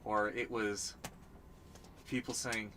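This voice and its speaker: A man chatting casually as the opponent in a tabletop game, with a teasing, drawn-out way of speaking. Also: fairly low pitch, flat delivery, pushed and bright, slight background noise. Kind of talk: casual chat.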